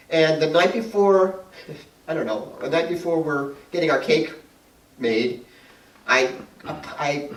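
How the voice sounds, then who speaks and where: A middle-aged man giving a talk to an audience, telling personal stories in a chatty way, laughing often and acting out what people said. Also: a little high. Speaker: guest speaker and painter. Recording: roomy sound from a distant mic.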